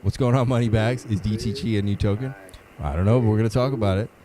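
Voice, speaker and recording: Deep-voiced man hosting a livestream. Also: fast, a crowd in the background, rough recording. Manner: greets chat viewers by name, laid-back. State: a little under the weather, sniffling. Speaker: livestream host. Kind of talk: casual livestream chat.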